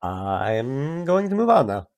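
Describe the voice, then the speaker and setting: A man's voice: mid-range voice, sing-song, takes it slowly, darkish tone. A man streaming a game, chatting casually in a rambling, self-mocking way with playful voice bits. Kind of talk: casual chat while playing a game.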